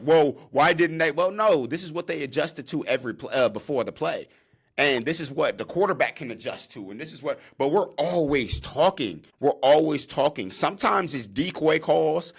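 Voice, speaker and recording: A young man hosts his own podcast in a loose, casual monologue. He talks with animation and breaks into loud, higher-pitched shouted calls as he acts out the field. His voice swings widely in pitch and loudness. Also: husky. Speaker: podcast host, former college defensive back.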